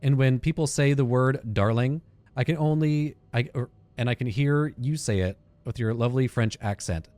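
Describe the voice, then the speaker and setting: A man's voice: normal speed, a little mellow, dry recording. A man hosting a game playthrough, reading in-game letters aloud with fillers and self-corrections. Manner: reads aloud with frequent fillers and restarts, drops into a low aside. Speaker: gaming channel host.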